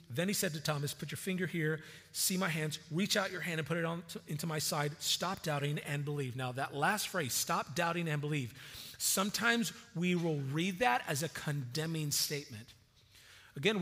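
Animated pastor preaching in a hall. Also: male voice, on the high side, breathy edge. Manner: conversational, animated, repeats words when starting phrases. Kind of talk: sermon.

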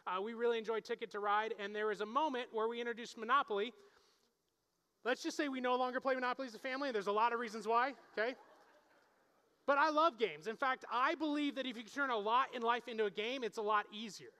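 Bright high-voiced man preaching in a reverberant hall. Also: quick pace, clean tone. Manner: conversational, checks in with the crowd. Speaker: pastor. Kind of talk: sermon. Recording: long reverb of a large hall.

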